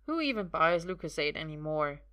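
A woman's voice: low voice, very animated, normal speed, fairly bright tone, clean tone. A woman voicing a weak, wry young sorcerer. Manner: joking and strained, a little breathless. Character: young male sorcerer, weakened, wry and stubborn. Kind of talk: audiobook reading.

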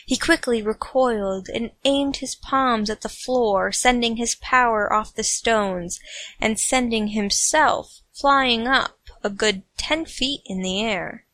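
A woman's voice: a little high, takes it slowly, fairly bright tone, no echo. A woman narrating a comic fan fiction story with playful, snarky asides.

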